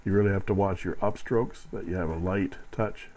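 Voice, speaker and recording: Low, mellow-voiced man reviewing pens. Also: fairly even intonation, brisk, rough recording. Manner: dry, wry humor between demonstrations. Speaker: fountain pen reviewer. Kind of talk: product review narration.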